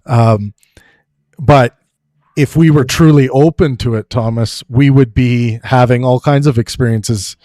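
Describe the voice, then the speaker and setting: A man from Canada hosts a live online debate chat in a playful, joking manner. His voice sits at a middling pitch. The sound is dry and close. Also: measured pace, mellow, dry recording. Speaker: host.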